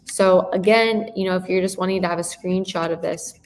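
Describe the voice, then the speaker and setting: A woman coaching a sales class in a live session, her voice moving through many tones as she leans in and stresses words. She sits a little low for a woman and keeps checking in with quick questions. A faint hiss runs under her voice. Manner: expressive, shifting tone and emphasis; frequent rhetorical check-in questions. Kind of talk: live sales training talk.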